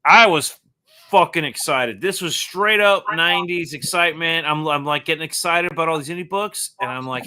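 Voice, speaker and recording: Animated, profane man ranting. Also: a little high, normal speed, clean tone. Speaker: podcast co-host. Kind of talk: casual chat.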